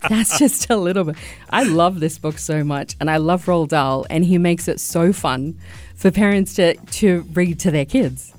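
A woman's voice: fairly low pitch, unhurried, darkish tone, faint music behind. A woman hosting a radio show from a studio, bubbly and upbeat with frequent laughs. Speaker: radio host. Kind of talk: casual radio talk.

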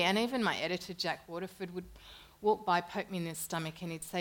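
A woman's voice: fairly low pitch, quick pace. A middle-aged woman, an interview guest, telling stories in casual chat and laughing often. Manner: animated storyteller who laughs often. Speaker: journalist.

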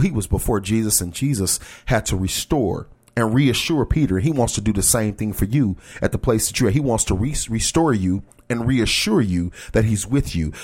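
A man's voice: on the low side, darkish tone. A man preaching an encouraging sermon, speaking earnestly and directly to his listeners and urging them on. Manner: earnest, exhorting, talks straight to listeners.

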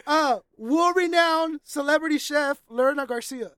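High-voiced teasing woman host. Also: moderate pace, fairly bright tone, dry recording. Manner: laughing, teasing, slangy. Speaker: podcast host. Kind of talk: casual interview chat.

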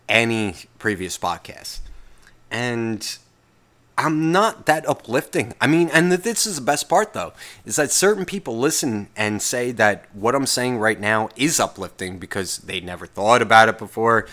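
Alone at a podcast mic, a man with an ordinary middle-pitched, slightly bright voice rants at normal speed, swearing freely and doubling back on himself. His expressive, unscripted talk is loose and rambling, full of restarts and asides.

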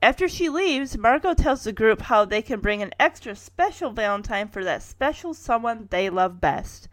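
Woman, thirties, casual recap host, animated and wry, chuckles through asides. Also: a little high, normal speed, no room sound. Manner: wry personal asides, chuckling while narrating. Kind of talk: casual episode recap narration.

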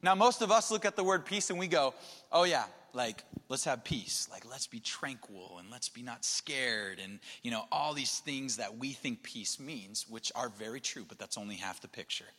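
A man preaching with a bright, forceful voice that carries a long hall reverb. He drops into hushed, breathy near-whispers, then builds to emphatic, louder passages. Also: mid-range voice, animated, normal speed. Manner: shifts between soft near-whispers and emphatic raised passages. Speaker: pastor. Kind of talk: sermon.

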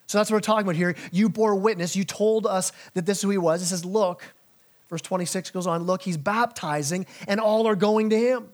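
A male pastor preaching a sermon, animated, acting out biblical figures in casual modern speech and dropping low and slow on key lines.

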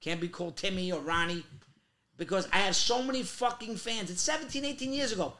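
A man telling animated, profane stories in casual chat, acting out quotes in loud bursts. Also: high-pitched, a little fast. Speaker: podcast guest, comic actor.

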